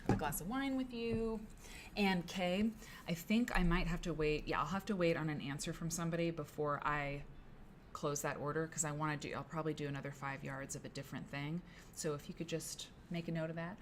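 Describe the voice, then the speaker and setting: A woman with a fairly low voice hosts a laid-back co-working stream from her office. She rambles chattily and greets viewers by name, with a faint hum behind her. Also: brisk. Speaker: live-stream host. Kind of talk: casual co-working stream chat. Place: her office, late at work.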